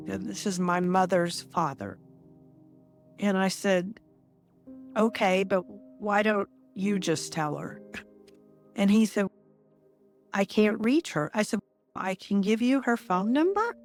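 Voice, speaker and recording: A woman in her sixties, an interview guest, telling a personal story in a measured, reflective way with pauses between phrases. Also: mid-range voice, faint music behind.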